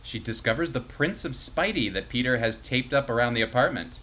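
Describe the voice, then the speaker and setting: A man's voice: mid-range voice, animated, a little fast, pushed and bright. A man hosting a live comedy table read, reading stage directions with breezy asides and chuckles to the players. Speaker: host and stage-direction reader.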